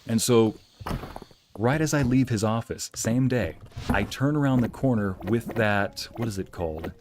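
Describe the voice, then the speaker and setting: The background is noisy, with faint music, as a man of medium pitch and moderate pace streams a game. He tells a story in casual chat, animatedly acting out the quotes with a raised voice.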